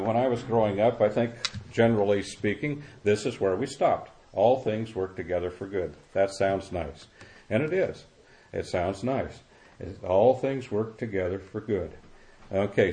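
Older male preacher, low and mellow, unhurried expository sermon. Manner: slow, repetitive expository preaching with pauses.

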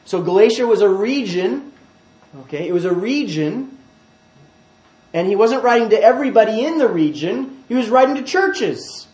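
A man preaches a sermon in a high voice. He drops to quiet asides, then rises loud and emphatic when he reads scripture. The sound rings through an echoey church hall. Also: expressive, moderate pace.

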